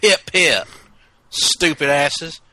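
A man doing an impression of an irritable older man who shouts curses. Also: on the high side, very slow, pitched above the performer's own voice, heavily acted. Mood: irate. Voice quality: shouty, profane.

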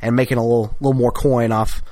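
A man's voice: medium pitch, little pitch movement, fast, mellow, no echo. Man, podcast co-host, casual chat, enthusiastic, rambling, dry recording.

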